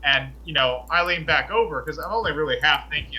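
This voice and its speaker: A man tells stories from his college days in a loose, conversational way, getting indignant and acting out what people said. His voice is very bright and sits a little high. The delivery is chatty and lively. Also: a little fast, rough recording. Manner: animated, indignant retelling with acted quotes. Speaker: podcast host telling college stories. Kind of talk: casual storytelling chat.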